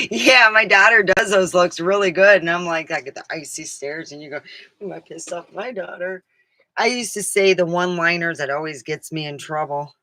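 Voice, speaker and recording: A woman's voice: fairly low pitch, moderate pace, sharp tone, no room sound. A middle-aged woman vlogging in a casual, rambling chat, who laughs often and acts out the things people said.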